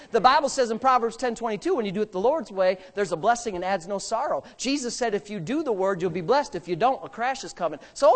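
A man is preaching in a church sanctuary with real emphasis. He moves back and forth between loud bursts and low asides, tossing in jokes.

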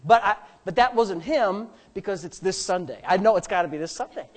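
In a fairly quick sermon, a male pastor preaches with animated sarcasm, lurching from loud, high-pitched bursts to hushed asides.

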